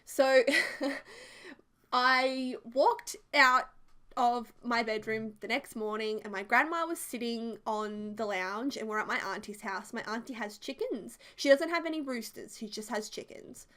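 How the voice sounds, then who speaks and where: Chatty young woman, fairly high voice. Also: measured pace. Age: 20s. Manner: chatty and animated, heavy use of "like". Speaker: video creator. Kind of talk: casual storytelling over a build video.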